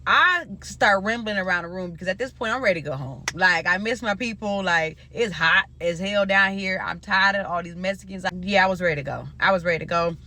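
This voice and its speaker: A woman's voice: mid-range voice, a little fast, hardly any pauses, bright, forceful tone, a little hiss or hum. A woman from Nebraska telling a story in a loose, profane, casual style and talking straight to her viewers. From Omaha, Nebraska.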